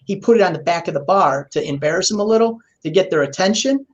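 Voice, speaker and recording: A man as a podcast guest, explaining in a relaxed way and telling a long story in which he acts out the voices of the people he quotes. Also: high voice, quick pace, highs cut off. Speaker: guest expert.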